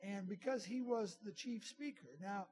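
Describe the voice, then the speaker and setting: A man's voice: high voice, normal speed, darkish tone, slight background noise. A middle-aged man preaching a sermon in a conversational way, with asides to the congregation. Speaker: pastor.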